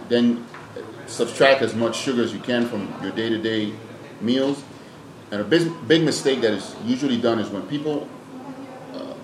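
A man, a fitness trainer and nutrition coach, answering interview questions in a plain-spoken, emphatic way and often repeating words as he thinks. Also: fairly low pitch. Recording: echoey room with background noise.

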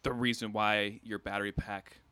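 Bright-voiced man in a dry room. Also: lowish voice, flat delivery, moderate pace, clean tone, no room sound.

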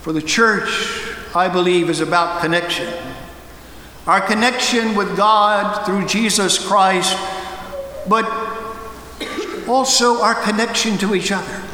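A man delivers a sermon from the pulpit, his high, bright voice ringing through a large church sanctuary. The sound carries a long, roomy reverb from the hall. He tells stories with pointed pauses. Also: slight background noise. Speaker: guest pastor.

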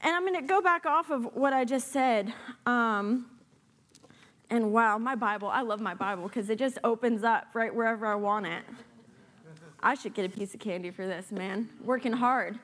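High-voiced woman preaching a lively sermon. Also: moderate pace. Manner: animated, with playful sarcastic asides. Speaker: guest preacher.

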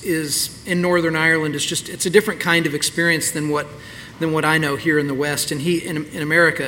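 A man's voice: fairly high pitch, pushed and bright, in a large hall, slight background noise. A man preaching a sermon as the pastor of his church, talking in a candid, conversational way. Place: church sanctuary.

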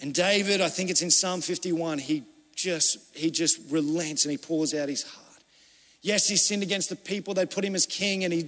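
A male pastor preaching a sermon with passion, rising to urgent appeals and dropping to hushed, pleading tones. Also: high voice, long reverb tail.

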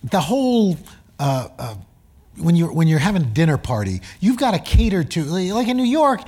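A man interviewing a guest on stage before a live audience, trading teasing, wry jokes in a relaxed conversation. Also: sits high, moderate pace, breathy edge. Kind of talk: casual onstage conversation.

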